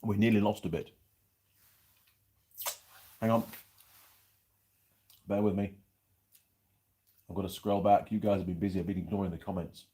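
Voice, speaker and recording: Here the middle-aged host's voice is low, warm and steady, moving at a moderate pace with long pauses. He chats ramblingly in his casual live-chat vlog, eating pie and reading viewer comments aloud.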